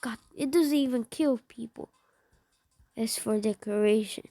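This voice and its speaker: A woman's voice: on the high side, moderate pace, warm tone, no echo. A woman giving casual gameplay commentary, swearing a lot and often dropping into muttered whispers. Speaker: gamer.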